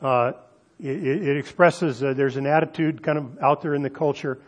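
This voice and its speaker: A male pastor delivering a sermon, slowing down to stress key phrases and speaking directly to the congregation. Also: mid-range voice, fairly even intonation. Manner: emphatic preaching with slowed, stressed phrases and audience asides.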